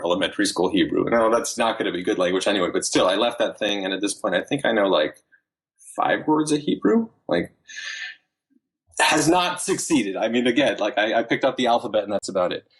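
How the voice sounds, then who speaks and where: A man's voice: on the low side, a little fast, breathy edge. A man in his thirties, a podcast guest, telling stories in casual chat with lots of fillers and restarts. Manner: animated storytelling with many fillers and restarts.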